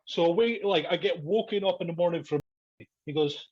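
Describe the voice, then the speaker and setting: A man's voice: a little high, moderate pace, a little mellow, slightly rough. A man, a podcast guest telling a story in casual chat, swearing a lot, laughing and acting out what people said. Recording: dull lo-fi podcast audio.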